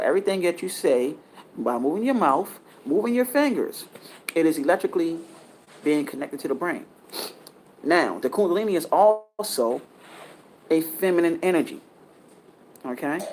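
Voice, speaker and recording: A man with a fairly high voice delivers a casual spiritual talk. He lectures earnestly, rambles and circles back to restart his sentences, with a faint hiss in the background. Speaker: spiritual teacher.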